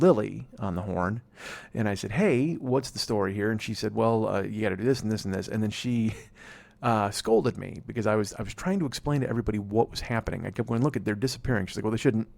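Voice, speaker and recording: A man's voice: lowish voice, vocal fry, darkish tone. A man in his forties hosting a podcast alone, rambling and swearing in a casual, self-mocking way. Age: 40s. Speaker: podcast host. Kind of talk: casual solo podcast monologue.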